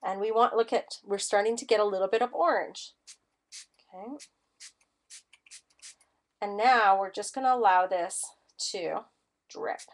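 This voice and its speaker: A woman's voice: mid-range voice, measured pace, long pauses. A woman teaching a live-streamed mixed media art class, chatty and enthusiastic as she demonstrates. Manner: chatty and enthusiastic, gushing over colors.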